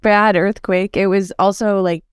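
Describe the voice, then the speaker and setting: A woman's voice: medium pitch, steady tone, measured pace, smooth, dry recording, studio quality. Blunt chatty woman. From Boston. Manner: blunt, chatty, swears freely. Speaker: podcast guest. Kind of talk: casual chat.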